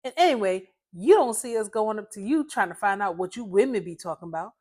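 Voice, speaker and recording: A woman's voice: medium pitch, animated, fairly quick, darkish tone, slightly rough. Woman reading as a blunt wry old uncle.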